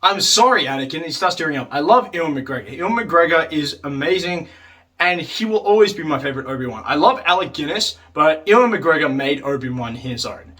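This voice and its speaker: A man with a high, bright voice talks through a casual review, rambling and peppering his sentences with "like" and the odd swear word. He sounds somewhat distant from the microphone. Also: lively intonation, fairly quick. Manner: rambling, heavy use of "like", swears, acts out quotes. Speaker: video reviewer.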